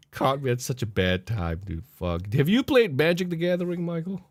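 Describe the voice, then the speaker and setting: An animated man cohosting a podcast, telling stories in a loose, profane way and breaking into laughter. His voice sits a little high and swings widely up and down. It is recorded close and dry, with no room sound. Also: measured pace, no room sound. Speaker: podcast co-host. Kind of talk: casual chat, storytelling.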